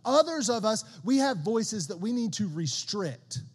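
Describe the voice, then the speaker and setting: A man with a high voice preaches in a casual, animated way, talking to the congregation like friends and stumbling over repeated words as he pushes a point. His voice rings with the long reverb of a church hall. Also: a little slow, slightly rough. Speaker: pastor. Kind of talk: sermon.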